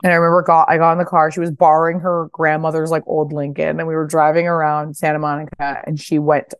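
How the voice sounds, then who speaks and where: A woman in her thirties with a notably low voice tells stories on a podcast. She talks casually, drops the odd swear, and lifts into high voices to act out quotes. The sound is close and dry. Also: little pitch movement, fast, clean tone, no room sound. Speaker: guest, fashion brand founder. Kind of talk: casual interview storytelling.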